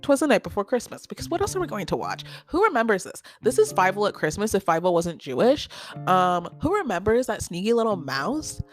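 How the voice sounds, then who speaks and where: A woman's voice: mid-range voice, very animated, brisk, soft background music. A woman hosting a solo podcast, chatting casually and gushing, with many "like" fillers. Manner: chatty and gushing, heavy use of "like". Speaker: podcast host.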